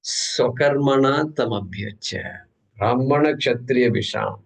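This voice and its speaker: A man's voice: mid-range voice, lively intonation, normal speed, rough recording. A man teaching an informal scripture class, humorous and conversational, often asking and answering his own questions. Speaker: Gita teacher.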